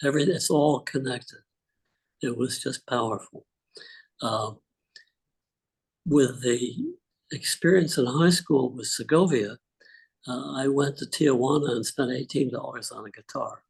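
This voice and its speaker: An older man telling relaxed, rambling personal stories on a group video call, with many fillers. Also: medium pitch, a little slow, gravelly, pauses often, slightly rough, rough recording. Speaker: call participant. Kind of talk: casual storytelling on a group call.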